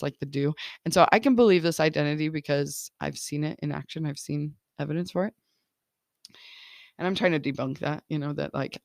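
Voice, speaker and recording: A woman's voice: low voice, gravelly, no echo, studio quality. A woman in her thirties, a life coach hosting a casual podcast monologue, encouraging and laughing often, with lots of "like" and "right?".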